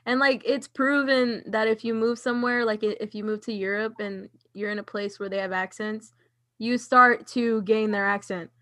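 A woman's voice: on the high side, steady tone, normal speed, bright, forceful tone. A young woman co-hosting a casual chat with friends, curious and asking plenty of questions. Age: young adult. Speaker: podcast co-host.

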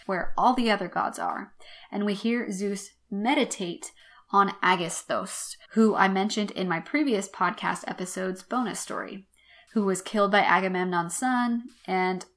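A woman hosting a podcast lesson, explaining an old text in a wry, chatty way and slowing down to read quotations. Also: mid-range voice, a bit bright. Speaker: podcast host teaching literature.

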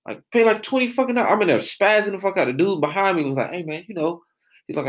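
A man's voice: high voice, animated, quick pace. A man, telling a profane story as a podcast host and losing his train of thought. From Atlanta, US South. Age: late 20s. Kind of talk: casual storytelling rant.

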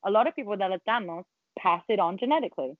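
A woman's voice: medium pitch, very fast, no room sound. Blunt woman on a tinny call. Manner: blunt, animated, swears freely. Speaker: podcast guest. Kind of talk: casual interview chat. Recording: tinny phone-like call audio.

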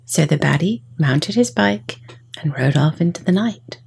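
Woman storyteller, low voice, gravelly and breathy, soft half-whispered narration, playful emphasis. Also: lively intonation, measured pace, a little hiss or hum. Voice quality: breathy, husky.

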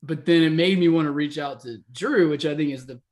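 A man's voice: fairly high pitch, a little fast. A man co-hosting a podcast, telling stories in casual chat and acting out quoted lines with laughter. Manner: animated storyteller, acts out quotes with laughs. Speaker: podcast co-host.

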